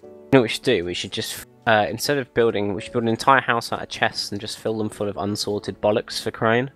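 A man's voice: on the low side, fairly quick, a bit bright, faint music behind. Teasing man gaming with a friend. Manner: teasing, mock-insulting banter. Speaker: co-host in a Minecraft let's-play. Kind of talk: casual gaming chat.

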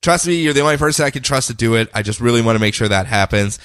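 A man's voice: medium pitch, racing, clear, resonant tone, no room sound, studio quality, voice pushed down, natural voice. A man playing Superman, weary and wry. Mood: earnest. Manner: wry, deadpan self-pity. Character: dying male superhero, weary and resigned.

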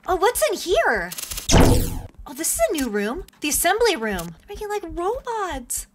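Bubbly woman game host, very high and lively voice, noisy recording. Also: moderate pace. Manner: bubbly, gasping, squealing reactions. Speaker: gaming video host. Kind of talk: excited gameplay commentary.

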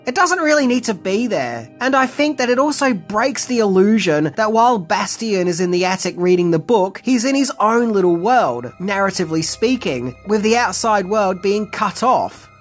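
Chatty film commentary voice, dry jokey asides, soft music in the background. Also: medium pitch, animated, normal speed, few pauses. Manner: wry, conversational asides. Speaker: video essay narrator.

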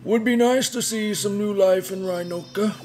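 A man voicing a gruff, stern old village elder in a strained, high old-man voice over faint game music. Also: normal speed, darkish tone, slight background noise, natural voice.

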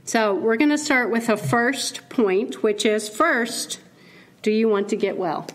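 Playful woman preaching, higher voice. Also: a little slow. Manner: playful and animated, laughing at her own asides. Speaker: keynote speaker. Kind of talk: conversational sermon.

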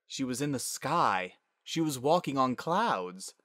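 A man narrating a story as a dramatic reading, measured and expressive. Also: medium pitch, no echo, studio quality.

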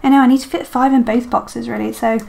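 A woman's voice: fairly high pitch, fairly even intonation, quick pace, creaky, darkish tone. A woman chatting casually to herself as she decorates a planner, full of ums and little questions. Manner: chatty, self-talking while decorating, many ums. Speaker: planner vlogger. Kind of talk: casual plan-with-me chat.

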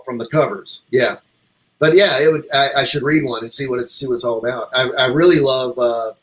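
A man's voice: mid-range voice, brisk, low-quality recording. Guy rambling through a story in a chat, does little voices for the people he quotes. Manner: rambling, animated, acts out quoted dialogue. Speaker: comic artist guest. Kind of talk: casual interview storytelling.

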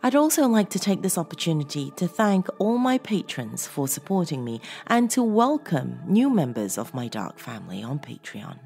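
A woman with a low, gravelly voice narrates a horror story, slow and dramatic, her pitch swinging widely for effect. Faint music plays beneath her words. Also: big pitch swings, a little mellow.

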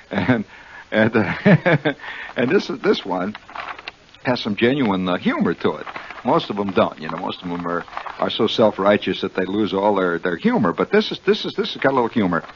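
A radio host rambles from a studio in a wry, mock-earnest monologue. His voice is on the low side, with a little hiss or hum on this dull lo-fi 1969 broadcast.

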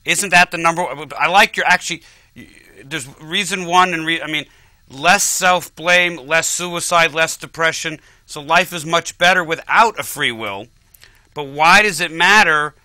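A man's voice: fairly high pitch, a little slow, sharp tone, no room sound. A man co-hosting a casual discussion show, teasing his partner and cutting in playfully. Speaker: co-host.

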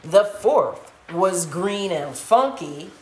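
Animated woman reading a picture book aloud. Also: lowish voice, drawn-out words. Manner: animated, playful storyteller. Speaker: storytime host and mother. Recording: echoey room with faint hiss.

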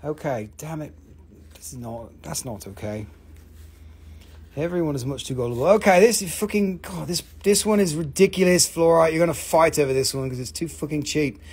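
Gravelly, husky, joking rock seller. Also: mid-range voice, normal speed. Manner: joking, profane, excitable. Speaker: live-stream rock seller. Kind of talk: casual live sales chat.

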